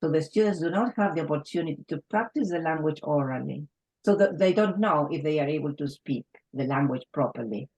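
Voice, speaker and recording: A woman's voice: deep voice, animated, a little fast, a little mellow, low-quality recording. A woman with an Argentinian Spanish accent, a native Spanish speaker and English teacher, talking earnestly and emphatically in a round table discussion with frequent restarts.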